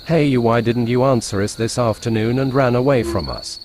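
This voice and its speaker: A man voicing a vain, mean male engine who yells and taunts, for a fan storybook tale. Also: medium pitch, moderate pace, background noise, close to an everyday voice. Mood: taunting. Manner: yelling, taunting.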